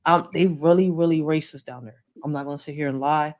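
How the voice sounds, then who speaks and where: A woman's voice: low voice, brisk. A woman, casually telling a story with slang and swearing. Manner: animated, swearing, street slang. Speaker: host.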